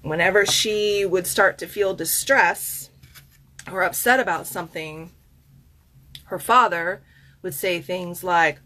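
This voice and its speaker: A woman with a Southern US accent, hosting a casual self-care podcast as a coach. She talks in a chatty, expressive way with many fillers and asides. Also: on the low side, takes it slowly, long pauses. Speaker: host and life coach. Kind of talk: casual podcast monologue with card reading.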